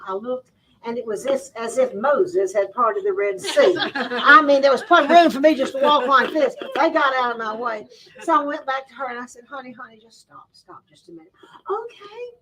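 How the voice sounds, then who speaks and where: Woman, storyteller, high and bright, mic a bit far off. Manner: Southern-style folksy talk, laughing through her story. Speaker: sewing teacher and storyteller at a store event. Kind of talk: animated storytelling to a live audience.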